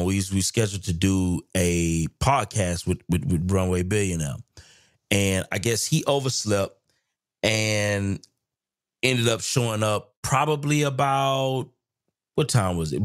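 Low-voiced reflective man hosting a podcast. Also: no room sound, clean studio sound. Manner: reflective, searching for words with many restarts. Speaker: podcast host. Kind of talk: casual podcast conversation.

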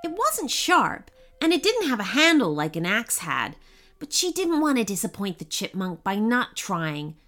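A woman narrating a children's storybook in an unhurried, expressive way. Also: medium pitch, soft background music. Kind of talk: storybook reading.

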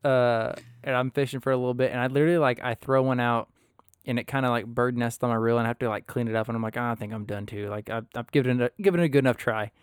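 A man's voice: medium pitch, fairly even intonation, rapid-fire, clear, resonant tone, no echo, clean studio sound. A man hosting a casual podcast chat, telling stories with lots of laughter and loose, rambling asides. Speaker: podcast host.

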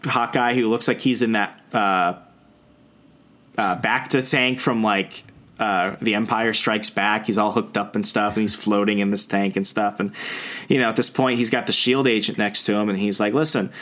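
A man's voice: on the low side, fairly even intonation, fairly bright tone. A young man on a podcast, recapping a comic book in casual chat and acting out the characters' lines. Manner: retells scenes, acting out lines in quick voices. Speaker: podcast co-host.

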